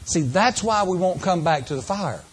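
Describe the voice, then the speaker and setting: A man preaching a sermon to a congregation, asking them questions and shifting between slow, drawn-out phrases and quick runs. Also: high voice, lively intonation, husky. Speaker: pastor.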